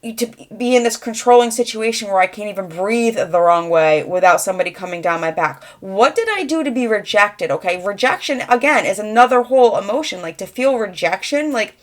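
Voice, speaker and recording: A woman's voice: medium pitch, fairly quick, few pauses. A young adult woman giving a rambling, conversational channeled tarot reading, full of fillers. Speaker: tarot reader.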